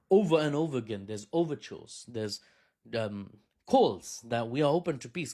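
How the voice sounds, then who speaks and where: A man's voice: medium pitch, animated, normal speed, darkish tone. A man delivering an opinionated political commentary in a loose, conversational way. He argues his points directly and keeps throwing in rhetorical asides to the listener.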